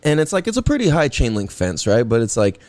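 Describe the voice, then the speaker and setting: A man's voice: medium pitch, wildly swooping pitch, quick pace, darkish tone, no room sound. A young man hosting a podcast, talking in a rambling, profane way and laughing at his own tangents. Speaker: podcast host. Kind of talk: casual solo podcast monologue.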